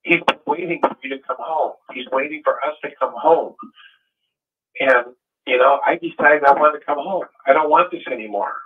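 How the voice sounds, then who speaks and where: A man's voice: a little high, moderate pace. A man in casual conversation, telling his story earnestly and with animation. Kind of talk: casual chat. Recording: tinny phone line.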